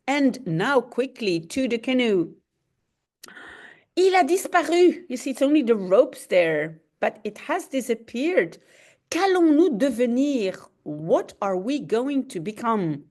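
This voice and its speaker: A woman from Belgium whose first language is Dutch, teaching by reading a comic aloud and translating it slowly, with sound effects. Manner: animated, explains slowly, adds sound effects like roars and booms.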